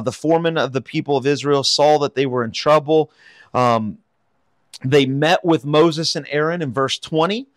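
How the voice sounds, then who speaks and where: A pastor teaching a Bible study reads a verse and then explains it conversationally, sprinkling in "um" and rhetorical "right?" His slightly high male voice is captured on a dry close mic with no echo.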